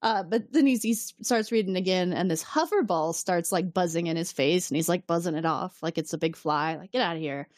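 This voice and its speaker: A woman's voice: lowish voice, a little fast, few pauses, dry recording. Chatty woman co-host, dry close mic. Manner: animated, acts out characters' lines, laughs often. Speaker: podcast co-host. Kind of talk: casual chat, recapping an episode.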